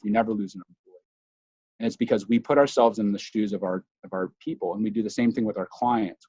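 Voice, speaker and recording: A man telling a long personal story to a webinar audience, chatty and animated, full of fillers and restarts. His voice sits at an ordinary pitch for a man. The sound is dry and close, a little dull and lo-fi. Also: no echo. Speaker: speaker. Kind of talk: storytelling talk.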